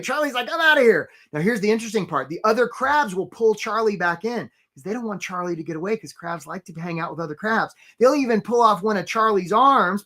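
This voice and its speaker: A man's voice: sits high, sharp tone. A man hosting a live career webinar, talking energetically, tossing in "right?" and greeting viewers from the chat. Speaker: career coach and webinar host.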